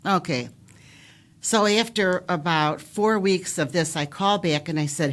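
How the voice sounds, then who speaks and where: Older woman, patient guest, lower voice, animated storyteller who acts out quotes. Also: a little slow. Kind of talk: telling her own health story.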